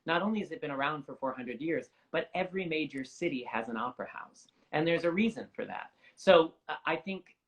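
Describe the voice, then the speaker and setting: A man's voice: on the high side, animated, brisk, few pauses, rough recording. A young man speaking as an opera singer guest in an interview, articulate, earnest and reflective. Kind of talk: conversational interview.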